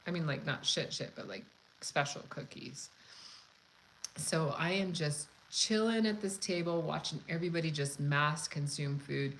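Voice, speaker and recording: A woman hosting a cooking channel, chatting casually and telling a story in a frank, profane, animated way. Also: low-pitched, normal speed, a little hiss or hum, poor audio. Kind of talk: casual live chat storytelling.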